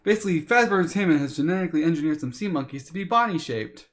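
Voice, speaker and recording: A man streaming, retelling a story in a casual, animated way with lots of fillers. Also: a little high, rapid-fire. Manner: animated retelling, with many fillers and acted quotes.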